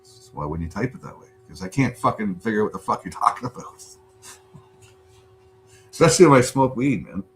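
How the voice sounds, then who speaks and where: A man hosting a casual livestream from home, rambling and swearing a lot in relaxed chat. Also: lowish voice, fairly quick, long pauses, a little hiss or hum. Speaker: livestream host.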